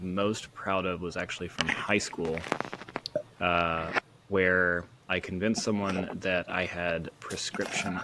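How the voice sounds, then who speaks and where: Guy cohosting a podcast, really deep voice, easygoing dry humor, noisy background. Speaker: podcast co-host. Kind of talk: casual chat.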